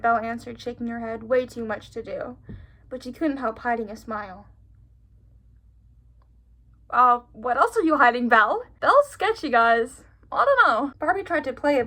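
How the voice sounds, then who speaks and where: A young woman reads her old childhood stories out loud, stopping for sarcastic, giggly, disbelieving asides. Her voice is a little high, with a pushed, bright quality.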